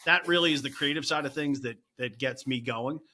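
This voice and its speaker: A middle-aged man working as a real estate agent, a podcast guest talking in energetic bursts full of "you know" and "right?". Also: medium pitch, brisk. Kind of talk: casual interview chat.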